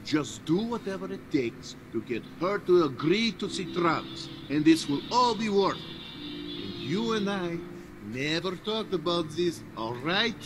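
A man's voice: high voice, big pitch swings, unhurried. An actor playing a scheming, friendly male bartender in a video game, with a Russian accent and clipped, conspiratorial broken English. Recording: game music behind.

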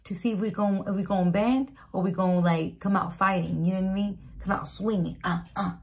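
A woman's voice: mid-range voice, steady tone, fairly quick, a little mellow. A woman speaking casually to a camera about faith, in a slangy and emphatic way that repeats key lines. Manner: conversational, slangy, emphatic repetition. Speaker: Christian video speaker. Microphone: camera mic.

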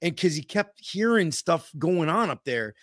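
Rambling podcast host, dry sound. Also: male voice, fairly high pitch, unhurried, no echo. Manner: excitable, profane, rambling with fillers. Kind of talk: casual podcast chat.

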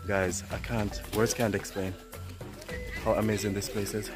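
A man's voice: fairly low pitch, level tone, normal speed, over music. A man, out of breath while vlogging a jungle hike to camera and calling viewers "guys". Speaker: travel vlogger. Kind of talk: hiking vlog to camera. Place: outdoors in rainforest hills.

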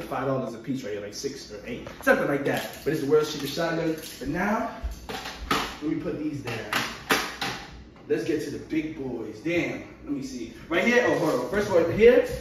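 A young man doing a casual show-and-tell vlog, excitable and slangy with frequent exclamations. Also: fairly high pitch. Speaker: vlogger showing his collection. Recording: very echoey, far from the mic, faint noise.

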